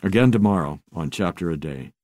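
A man reading a book aloud on radio in a measured, even narration. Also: low voice, no echo, studio quality.

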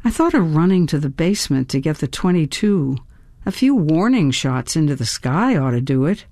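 A woman reading a first-person audiobook in a measured storytelling voice that grows tense in the action scenes. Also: sits low, sing-song, darkish tone, no room sound. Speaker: audiobook narrator.

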